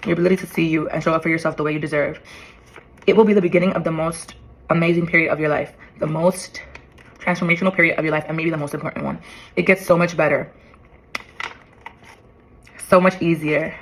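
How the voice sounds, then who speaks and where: A woman's voice: on the low side, fairly even intonation, fast, long pauses, a little hiss or hum, poor audio. A young woman in her twenties vlogging as she reads an old letter to herself aloud, emotional, swearing and laughing in disbelief.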